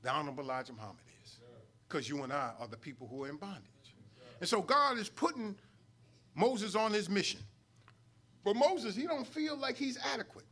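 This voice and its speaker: A man's voice: high voice, expressive, a little fast, a bit bright, slightly rough. A middle-aged man from New York, a student minister teaching a sermon-style study lesson, swelling into emphatic peaks and calling out to the congregation. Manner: preacherly, rising emphatic swells and call-outs to the congregation. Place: mosque hall.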